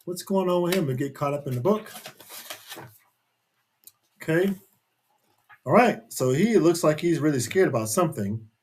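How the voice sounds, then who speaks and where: A man's voice: fairly high pitch, breathy edge. A man reading a picture book aloud to children in a chatty way, stopping to ask his young listeners questions.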